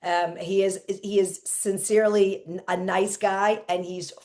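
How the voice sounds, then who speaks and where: A woman's voice: mid-range voice, flat delivery, a little slow, darkish tone. A woman hosting a casual interview, chatting earnestly and using frequent fillers. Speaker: podcast host and comedian.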